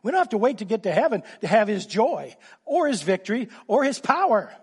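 High-voiced husky preaching pastor man. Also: a little fast. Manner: animated preaching with sudden drops to quiet asides. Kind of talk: sermon.

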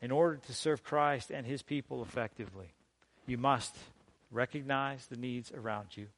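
A man preaching a sermon as pastor, emphatic and deliberate, with dramatic pauses and strong swings in loudness. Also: mid-range voice.

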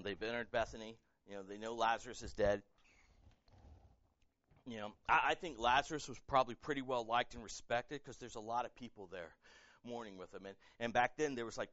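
A male pastor preaching a sermon in a casual, animated way, acting out quotes and repeating words as he talks. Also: mid-range voice, dry recording, dull audio. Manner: animated, conversational, acts out quotes, many fillers and repeats.

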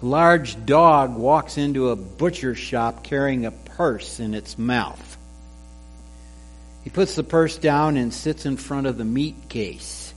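A man preaching a sermon, telling a joke with character voices before reading scripture and explaining it. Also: mid-range voice. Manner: slow, measured delivery with a joke told in voices. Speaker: pastor. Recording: faint mains hum.

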